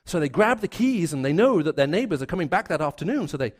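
An earnest male preacher delivering a sermon with a voice pitched a little high for a man. He stacks up repeated phrases to drive each point home and drops lower and quieter when he tells a story. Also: big pitch swings, fast.

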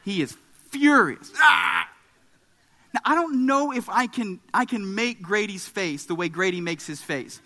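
A man in his thirties preaching a sermon, telling a family story in an animated way with emphatic rises. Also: high-pitched, moderate pace. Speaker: pastor. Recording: long hall reverb.

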